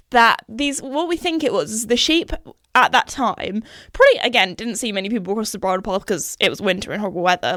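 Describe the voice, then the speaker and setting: Woman podcast host, higher voice, chatty, rambling, dry close sound. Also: fairly bright tone, no room sound. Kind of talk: casual chat.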